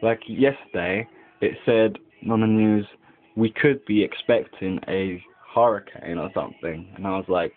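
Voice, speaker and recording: A young man drifts through a bored, rambling monologue, dropping "like" every few words and swearing freely. His voice sits a little low and his delivery is slow and unhurried. The sound is thin and tinny, like an old webcam recording. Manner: rambling, heavy use of "like", lots of swearing. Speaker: vlogger. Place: indoors at home by a window.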